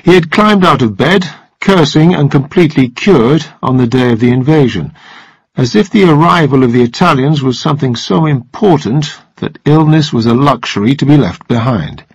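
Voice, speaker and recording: A man narrating a story in a slow, even reading voice for language learners. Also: mid-range voice, husky, no echo, rough recording.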